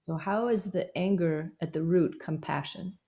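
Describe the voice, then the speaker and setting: Female student asking questions, low mellow voice, polite and hesitant. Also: normal speed, highs cut off. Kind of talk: question and answer.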